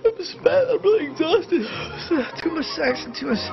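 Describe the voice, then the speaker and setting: An actor playing an excitable, easily flustered man who rambles and stammers, in a sitcom scene. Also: very high voice, moderate pace, creaky, music in the background, exaggerated voice. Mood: frantic. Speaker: comedy series character. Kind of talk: sitcom acting. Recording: muffled lo-fi clip with loud background noise.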